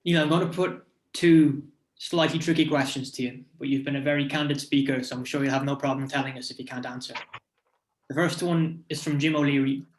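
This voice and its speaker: Male moderator reading out questions, pretty flat delivery, roomy echo. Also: mid-range voice, fairly quick.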